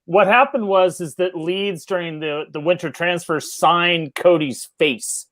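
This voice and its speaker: A man's voice: high-pitched, a little slow, a bit bright. An American man co-hosting a football fan show, teasing the others with dry jokes in casual banter. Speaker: co-host.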